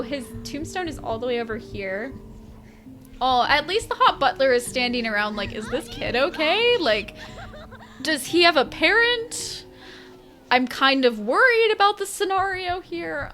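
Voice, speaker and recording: Young woman streamer, high bright voice, chatty and giggly, faint music under her. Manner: chatty, giggly, talks to chat. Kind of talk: live gameplay commentary.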